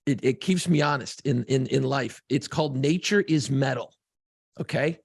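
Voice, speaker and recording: A man co-hosting a podcast, telling a profane, excitable story in casual chat. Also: mid-range voice, moderate pace, no echo, clean studio sound. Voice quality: gravelly, husky voice. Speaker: podcast co-host.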